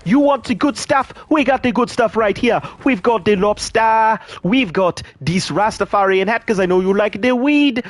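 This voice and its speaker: Man doing a loud, high Jamaican-accented hawker, sing-song salesman patter. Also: moderate pace, hardly any pauses, no room sound, close to an everyday voice. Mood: hawking. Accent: put-on Jamaican. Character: loud cheerful male island vendor hawking goods.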